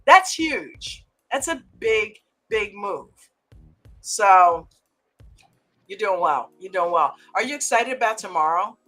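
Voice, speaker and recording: A woman's voice: medium pitch, lively intonation, slow pace, pushed and bright, faint music behind. An American woman hosting a live trading chat stream, playful and teasing, laughing often and greeting viewers by name. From United States.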